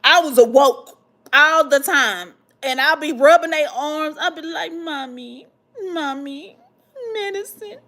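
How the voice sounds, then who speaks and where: High-voiced woman chatting with slang. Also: unhurried. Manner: animated, dramatic retelling with slangy asides. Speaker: vlog host answering viewer questions. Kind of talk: casual chat reading comments.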